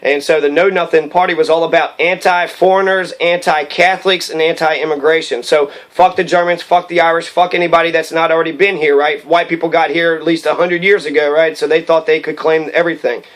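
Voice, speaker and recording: A man's voice: on the high side, fairly even intonation, brisk, hardly any pauses, low-quality recording. A man rambling about history and ancestry, cursing often and circling back with fillers. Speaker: history commentator. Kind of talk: rambling profane commentary.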